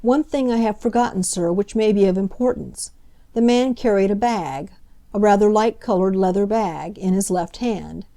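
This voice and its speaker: A frail old gentleman of a witness, fussy and formal, his voice quavering and raised a little above the teller's usual pitch, as a woman reads him in a storybook. He takes his time over every word, soft and mellow in tone. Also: normal speed, natural voice. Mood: earnest, quavering.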